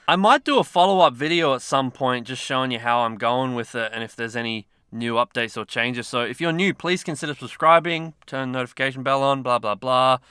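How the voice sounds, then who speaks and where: A man talks through a mobile game in a loose, rambling, self-mocking way. His voice is bright and forceful with a smooth, resonant clarity. The sound is dry and close. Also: medium pitch, normal speed, dry recording. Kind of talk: casual gameplay commentary.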